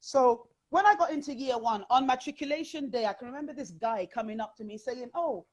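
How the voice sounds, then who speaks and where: A woman with a British accent telling personal stories as a guest in an interview, animated and chatty, with frequent fillers. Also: fairly high pitch, brisk, low-quality recording.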